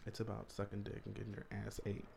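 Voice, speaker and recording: A man's voice: on the low side, completely flat delivery, fast, creaky, a little mellow, slight background noise. A young man telling a story in a casual vlog, blunt and crude, with jokes.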